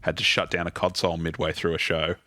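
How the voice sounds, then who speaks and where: A man, a theatre musical director, telling animated anecdotes as a guest in a casual interview and swearing freely. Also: deep voice, fast.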